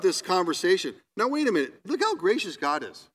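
A man preaching a sermon, reading scripture aloud with emphatic pauses and then commenting in a conversational way. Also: fairly high pitch, sing-song, a bit bright. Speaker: pastor.

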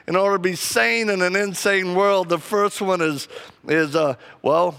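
Male preacher, animated comic storyteller, raised pitch, gravelly edge. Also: measured pace.

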